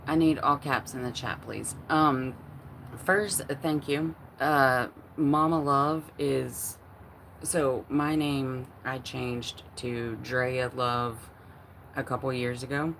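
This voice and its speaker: A woman in her forties hosts a relaxed livestream from home, talking directly with her viewers. Her voice is gravelly with some vocal fry, and she speaks slowly. She rambles, restarts her sentences and fills the gaps with lots of "um" and "like". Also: very deep voice, slight background noise. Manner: chatty, rambling with many fillers and restarts. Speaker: livestream host. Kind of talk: casual livestream chat, reading chat aloud.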